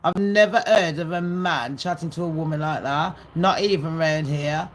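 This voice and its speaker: A woman's voice: low-pitched, moderate pace, a little hiss or hum. A woman vlogging gossip in a ranting, sarcastic monologue full of swearing and scorn.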